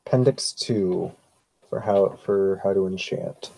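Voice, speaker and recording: A man's voice: deep voice, unhurried, creaky, dark tone. A man player talking through game rules, hesitant and thinking aloud. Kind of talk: tabletop role-play, rules talk.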